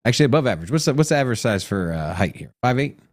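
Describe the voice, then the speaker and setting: A man co-hosting a casual crypto livestream, loud and playful, with hype shout-out greetings. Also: medium pitch, big pitch swings, racing. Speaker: co-host.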